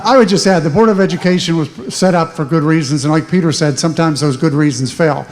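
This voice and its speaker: A man's voice: on the high side, darkish tone. A man speaking as a candidate on a town hall panel, stressing points by repeating them. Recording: echoey hall.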